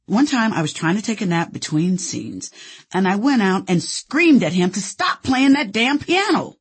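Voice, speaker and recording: Very husky woman narrating her memoir. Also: lowish voice, darkish tone. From Indianapolis, USA. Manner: candid, playful, storytelling. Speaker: actress telling her own story.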